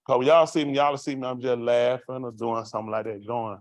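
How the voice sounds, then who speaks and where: Telling the congregation about his life on the street, this man uses raw, everyday language and keeps asking the room rhetorical questions. His mid-range voice holds a steady tone at a fairly quick pace, in a dry recording.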